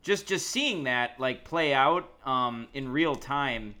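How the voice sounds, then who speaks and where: A man's voice: mid-range voice, expressive, slow, sharp tone, clean tone. A man co-hosting a podcast in casual chat, rambling with lots of ums and uhs. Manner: rambling, hesitant with many fillers. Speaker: podcast co-host.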